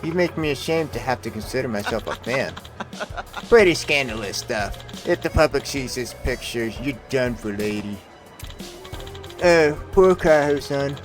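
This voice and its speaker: A man's voice: medium pitch, lively intonation, a little slow, music in the background, voice pushed up, close to an everyday voice. A man voicing a mocking, blackmailing young male street thug in a video game. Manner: mocking, taunting.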